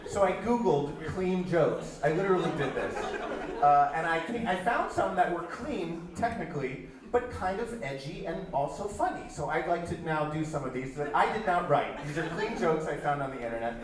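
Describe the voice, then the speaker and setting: A man performs a chatty, self-deprecating stand-up set on a club stage. His voice sits a little high. The sound is roomy and distant, with a laughing crowd and some noise behind him. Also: animated, moderate pace. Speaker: stand-up comedian. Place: comedy club. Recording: echoey club from far off with crowd.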